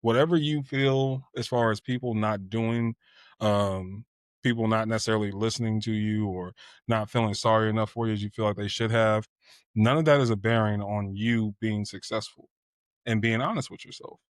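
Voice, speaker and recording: On the low side and fairly even in intonation, a man in his twenties speaks at normal speed while telling a personal story on a podcast. It's candid, reflective casual storytelling, heavy with "you know" fillers, recorded at studio quality with no room sound.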